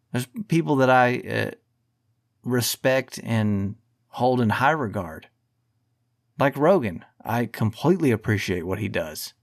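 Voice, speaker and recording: A man holds forth on his own podcast, swearing freely and pushing back hard in a heated, combative rant. His voice sits at an ordinary middle pitch. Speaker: podcast host. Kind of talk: ranting podcast monologue.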